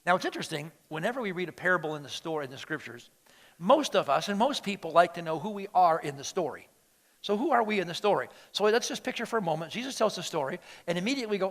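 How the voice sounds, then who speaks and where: A middle-aged man preaching from the pulpit with a notably high voice. He tells the story with animated energy, slipping into quoted voices and dropping low for quiet emphasis. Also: quick pace. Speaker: pastor. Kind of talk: sermon.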